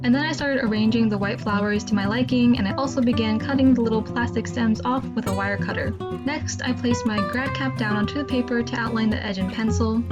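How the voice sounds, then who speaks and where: A young woman with a slightly high voice talks through her craft vlog in a chatty, self-mocking way, worn out from a night without sleep. Clear music plays underneath. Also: lo-fi sound. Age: young adult. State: tired from no sleep. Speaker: vlogger. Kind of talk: casual vlog and voice-over narration.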